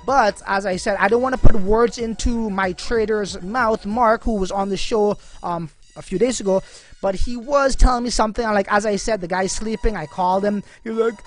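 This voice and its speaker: A man's voice: high voice, moderate pace. A man hosting a casual live stream on crypto, chatting with viewers and reading their comments in a slangy style full of fillers. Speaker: crypto livestream host.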